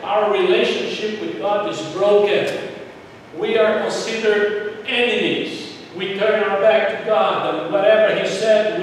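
A man preaching a sermon as pastor, earnest, often repeating phrases and restarting sentences. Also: high voice. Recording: echoey hall, distant mic, faint noise.

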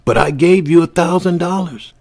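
A man's voice: lowish voice, animated, normal speed, creaky, dark tone, breathy edge, full character voice. A man voicing Peter, a proud, earnest Black carpenter and husband who pleads politely. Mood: pleading. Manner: polite, pleading, growing desperate.

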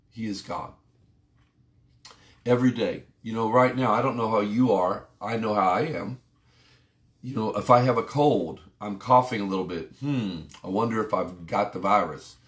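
A man pastor giving a conversational, emphatic devotional sermon. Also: fairly low pitch. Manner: conversational, emphatic preaching with rising exclamations. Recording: roomy echo.

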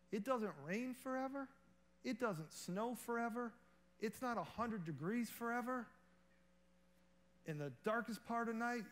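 A man giving a sermon as a guest preacher in a church, earnest and conversational. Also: high voice.

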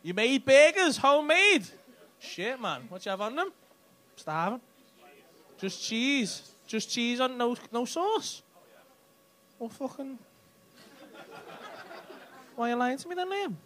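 A man's voice: extremely high pitch, very animated, a little slow, long pauses, bright, forceful tone. A man doing stand-up crowd work, cheeky and teasing, swearing freely as he chats with people in the audience on a club stage. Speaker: stand-up comedian. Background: faint audience laughter.

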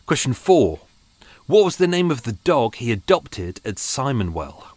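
A man's voice: medium pitch, very animated, a little slow, a little mellow, husky, dry recording. Chatty British man hosting a podcast. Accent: British English. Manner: chatty, self-mocking, rambling asides. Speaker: podcast host. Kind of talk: casual chat. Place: home studio.

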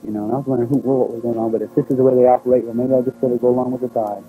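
A man telling his own experience in a documentary, recalling it in halting, unpolished speech with restarts. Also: medium pitch, level tone, phone-quality sound, soft background music. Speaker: eyewitness recounting his experience. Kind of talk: first-person testimony in a documentary.

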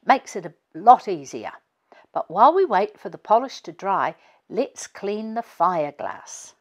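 A woman reading aloud as a practical, cheerful mother giving her children brisk instructions. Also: mid-range voice, sing-song.

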